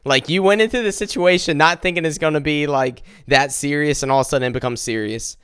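A man earnestly telling a personal faith testimony, halting and restarting as he speaks directly to his listeners. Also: fairly high pitch, fairly bright tone, clean tone, no room sound, clean studio sound.

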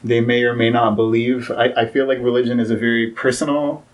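A man's voice: medium pitch, little pitch movement, a little fast, low-quality recording. A young man as a podcast guest, talking casually with many fillers and restarts.

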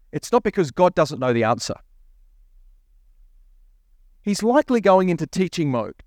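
A man's voice: fairly high pitch, no room sound, clean studio sound. A male pastor preaching a sermon, asking the congregation rhetorical questions and reading scripture aloud. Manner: reads scripture aloud, voicing the prophet's lines.

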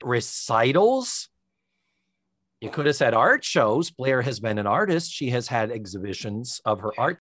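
Man, podcast co-host, wry and sarcastic, mid-pitched voice, dry close sound. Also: moderate pace, hardly any pauses, no echo. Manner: wry, sarcastic, animated storyteller. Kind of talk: casual chat recapping a TV episode.

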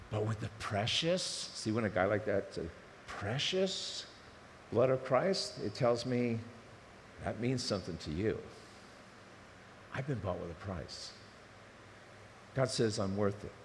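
A man preaching a sermon, animated and emotional, swinging between loud fervor and hushed asides. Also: fairly low pitch, measured pace, pauses often. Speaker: pastor. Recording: reverberant hall with faint noise.

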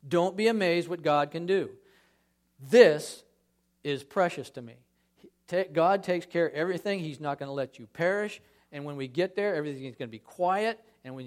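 A man giving a conversational sermon in a church as a guest speaker, acting out scripture scenes with lively emphasis. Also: on the high side.

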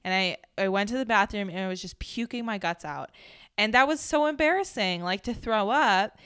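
A woman's voice: medium pitch, moderate pace, fairly bright tone, clean tone, dry recording, studio quality. A woman from the Chicago suburbs, co-hosting a podcast and chatting casually, telling stories with lots of fillers. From Chicago suburbs, USA. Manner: chatty, storytelling with many fillers and laughs. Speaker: podcast co-host. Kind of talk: casual chat.

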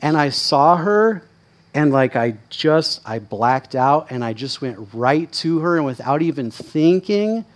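A man preaching as a pastor, telling stories in a candid, self-deprecating, conversational way, often checking in with his listeners and getting louder and higher when excited. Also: a little slow. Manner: candid, self-deprecating, chatty with frequent "right?" asides; lively, rising in pitch and volume when excited. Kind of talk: conversational sermon storytelling.

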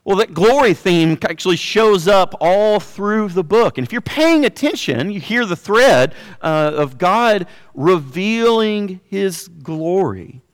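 A man giving a sermon as pastor, conversational with frequent fillers, slowing down to stress key words. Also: sits high, lively intonation, in a large hall.

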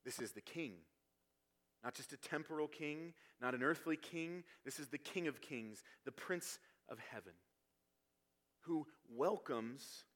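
A man's voice: medium pitch, fairly bright tone. A man preaching a sermon, explaining scripture verse by verse and building to emphatic passages. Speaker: pastor.

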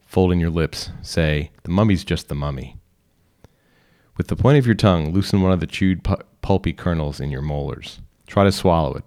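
A man reading a short story aloud in calm, instructional second person. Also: rumbling low. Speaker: reader. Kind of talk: scripted narration.

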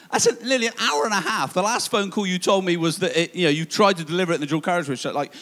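A man's voice: a little high, very fast, hardly any pauses, fairly bright tone. A man preaching a sermon, telling a self-mocking personal story with many restarts and asides. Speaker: pastor.

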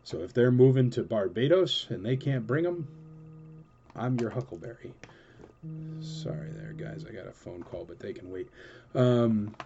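A man's voice: medium pitch, very animated, normal speed, warm tone, muffled recording, slight background noise. A man hosting a collector show, answering viewer questions in a rambling, enthusiastic, casual way with lots of fillers. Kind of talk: casual chatty Q&A.

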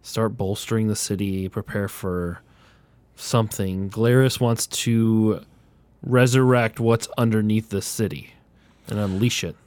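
A man speaks in character at a tabletop game, earnest and measured. His voice is smooth, and it sounds dry and close. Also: lowish voice, steady tone, a little mellow, dry recording. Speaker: player. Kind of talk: in-character play.

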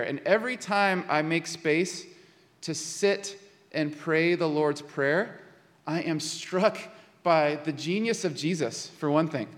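A man preaching in an easy, conversational way, with a high voice and a long reverb trailing each phrase. He stumbles and repeats words, then slows down and softens on the words that matter most. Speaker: pastor. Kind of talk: sermon.

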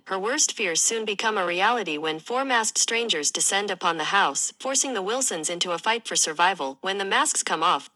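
A woman reading a film synopsis aloud in a steady manner. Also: medium pitch, dry recording, rough recording. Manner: reads steadily from a written text.

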